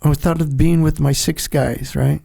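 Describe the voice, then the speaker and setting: The older man, a former Navy SEAL appearing as a guest, has a fairly high, warm voice with vocal fry and a breathy edge, keeping a steady tone at normal speed. In a casual interview, his rambling stories are full of laughter and acted-out quoted voices.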